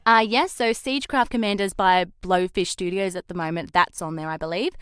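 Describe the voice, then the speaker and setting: A young Australian woman chats as a podcast guest, laughing easily between thoughts. Her voice is smooth and clear, and the recording is dry and close with no room sound. She keeps a relaxed, friendly interview tone. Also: fairly low pitch, fairly quick, dry recording. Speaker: voice actress guest. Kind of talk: casual interview chat.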